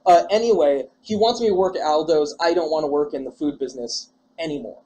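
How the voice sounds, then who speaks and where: A man's voice: on the high side, fast talker, mellow, rough recording. A young man co-hosting a casual podcast chat, rambling and joking and laughing often. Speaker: podcast co-host. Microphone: handheld ball microphone, sometimes held away.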